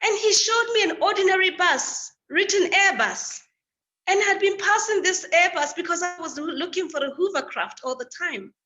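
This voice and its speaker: Bright, high-voiced woman telling a story. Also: normal speed, highs cut off. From Africa. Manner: animated, lively storyteller. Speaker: guest speaker. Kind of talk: personal storytelling.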